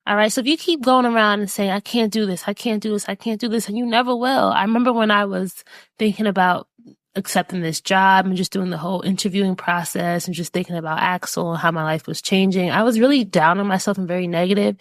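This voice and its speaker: A woman hosts her own podcast and shares lessons in an earnest, encouraging way. Her pitch sits in the middle range. The sound is close and dry, with no room around her. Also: fairly even intonation, fast, dry recording. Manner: earnest, encouraging, with many fillers. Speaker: podcast host. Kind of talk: reflective personal talk.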